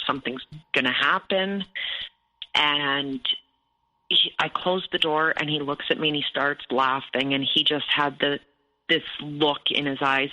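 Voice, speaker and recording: Bright-voiced woman retelling a hard story. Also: low voice, rough recording. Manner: tense, detailed retelling, often quoting others. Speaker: abuse survivor guest. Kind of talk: personal story in an interview.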